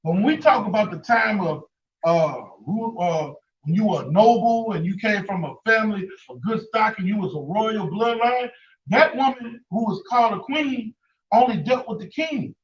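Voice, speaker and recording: A man's voice: sits high, animated, moderate pace. A man in a casual group talk who rambles, restarts his sentences and swears bluntly. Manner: rambling, restarts often, profane. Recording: far, echoey, dull room mic with faint noise.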